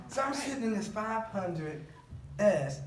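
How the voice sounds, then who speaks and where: A man preaching a story, laughing often and rising to shouts. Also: high voice, heavy background noise. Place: church. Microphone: far camera. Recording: echoey church from far off, loud congregation.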